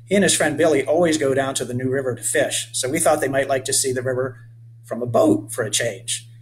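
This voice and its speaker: A proud, affectionate old grandfather in a storybook, read aloud by a man. He speaks fondly and a touch higher than the narration, over a faint hum. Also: a little fast, natural voice. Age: older. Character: fond old grandfather, boat lover.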